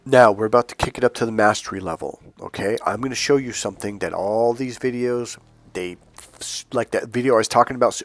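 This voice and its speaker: A man's voice: mid-range voice, fairly quick, no echo. A man coaching on dating in a casual, blunt monologue, swearing freely and acting out quoted voices. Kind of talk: casual direct-to-camera monologue.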